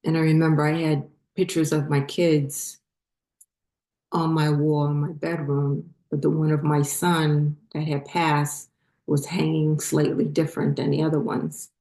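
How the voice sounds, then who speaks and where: Low-voiced woman telling her story slowly. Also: flat delivery, warm tone. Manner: halting and emotional, choking up at times. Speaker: channel host. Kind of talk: personal spiritual storytelling. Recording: roomy echo.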